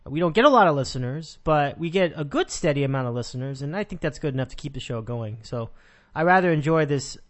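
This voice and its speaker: Rambling sports podcast host. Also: male voice, on the high side, lively intonation, fast talker, few pauses. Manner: rambling, frequent restarts and laughs. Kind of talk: casual sports podcast chat.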